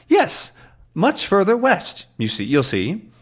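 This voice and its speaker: A man voicing an absent-minded elderly male professor who rambles about his pendulum in a high, earnest voice. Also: wildly swooping pitch, slow, breathy edge, exaggerated voice.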